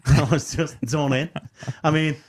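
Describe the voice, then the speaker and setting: A man's voice: fairly high pitch, steady tone, slow pace, vocal fry, a little hiss or hum. A middle-aged man, a Baptist minister co-hosting a casual chat, telling self-mocking stories with frequent laughter. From England. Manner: jokey, self-mocking storyteller who laughs often. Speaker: Baptist minister and podcast co-host.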